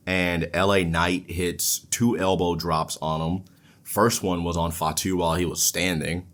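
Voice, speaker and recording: A man with a lowish voice talks through wrestling matches at an unhurried, drawn-out pace. He sounds laid-back and swears casually, chuckling at his own stumbles. The delivery suits a casual podcast recap. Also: fairly bright tone. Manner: laid-back, profane, laughs at himself. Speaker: podcast host.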